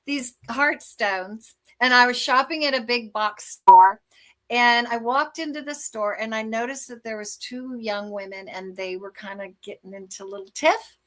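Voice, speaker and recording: A woman guest on a talk show with a slightly high voice. She tells personal anecdotes with animation, slipping into the voices of the people in her stories. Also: moderate pace. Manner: animated, acts out dialogue in anecdotes. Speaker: guest author and life coach. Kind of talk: conversational storytelling.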